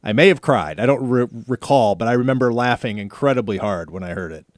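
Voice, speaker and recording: A man's voice: medium pitch, expressive, quick pace, no echo, studio quality. A man hosting a radio talk show, telling a story in a chatty, playfully indignant way. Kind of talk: casual studio banter.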